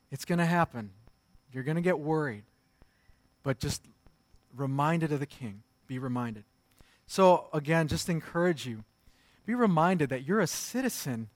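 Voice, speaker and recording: A man's voice: a little high, no echo. A man in his thirties preaching a sermon, telling stories about his young sons in an easy, conversational way. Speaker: pastor.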